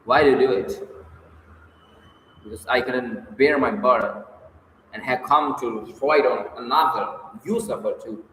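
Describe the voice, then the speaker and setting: A man's voice: medium pitch, measured pace, pauses often, a bit bright, natural voice. A man voicing a tormented young man. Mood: despairing. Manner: intense, despairing confession. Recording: echoey hall, distant mic, faint hiss.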